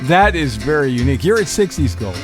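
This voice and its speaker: A man's voice: on the high side, sing-song, fairly quick, loud music behind the voice. A man hosting an oldies radio show from a studio, chatting in an upbeat, easily amused way about listener notes and birthdays. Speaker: radio host.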